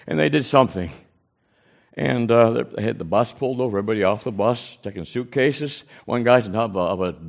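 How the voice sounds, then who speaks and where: Gravelly man telling a mission story. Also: medium pitch. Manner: folksy, animated retelling with quoted dialogue. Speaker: preacher. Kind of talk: storytelling testimony.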